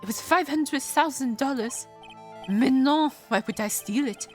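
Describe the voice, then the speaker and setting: A woman's voice: unhurried, faint music behind. A woman voicing a flamboyant, theatrical French man with an exaggerated put-on French accent, reading a visual novel aloud. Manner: exaggerated, sing-song, shrill exclamations.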